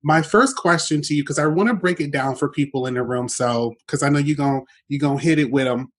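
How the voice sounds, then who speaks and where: A man's voice: a little high, a little fast. A man hosting a casual podcast interview, talking loosely with fillers and self-corrections. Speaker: podcast host.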